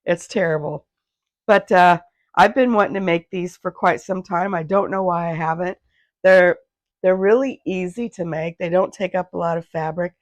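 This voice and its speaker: A woman with a hoarse, gravelly voice chatting casually in her sewing vlog. She rambles, loses her thread and restarts while recording on a phone in her home sewing room. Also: fairly low pitch, moderate pace, dry recording. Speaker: handmade business owner, vlogger.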